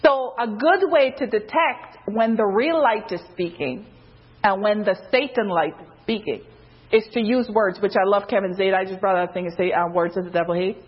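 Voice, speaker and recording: A woman preaching an informal sermon, loose and conversational, with many fillers, who jumps higher in pitch when she quotes someone. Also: moderate pace, husky. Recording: dull lo-fi recording.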